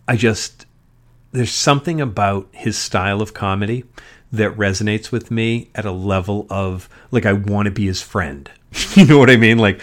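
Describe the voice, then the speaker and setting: A man hosting his own podcast, talking alone in a rambling, profane way with frequent ums. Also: fairly low pitch. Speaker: podcast host. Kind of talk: solo podcast monologue. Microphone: podcast mic.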